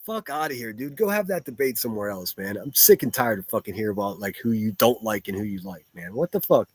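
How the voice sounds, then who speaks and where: A man's voice: fairly low pitch, animated, quick pace, breathy edge, dry recording. A man hosting a live stream and answering his chat in a blunt, profane, rambling way, with frequent restarts. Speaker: livestreamer reading chat.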